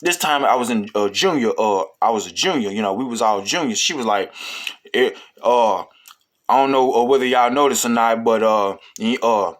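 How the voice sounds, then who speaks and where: Man, casual storytelling, rambling, profane, lots of fillers, medium pitch. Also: moderate pace.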